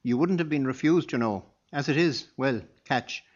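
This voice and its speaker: A man voicing a kindly traveling priest who speaks gently and reassuringly in an audiobook. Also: mid-range voice, normal speed, lo-fi sound, lightly acted. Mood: gentle.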